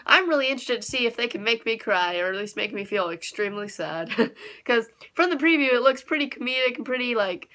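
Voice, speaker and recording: A young woman chats through an anime episode review in a casual, gushing way. Her voice is bright and sits a little high, and she laughs and giggles often between thoughts. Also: animated, a little fast.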